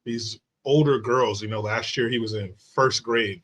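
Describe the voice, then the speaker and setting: A man's voice: medium pitch, moderate pace, hardly any pauses, fairly bright tone. A man hosting a casual interview, chatty and meandering as he sets up long questions. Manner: chatty, meandering, many fillers. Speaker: podcast host.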